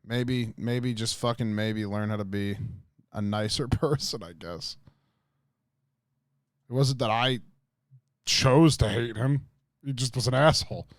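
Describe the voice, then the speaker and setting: A man's voice: mid-range voice, measured pace, long pauses, no room sound, clean studio sound. A man livestreaming, telling a rambling story to his chat with lots of swearing, fillers and restarts.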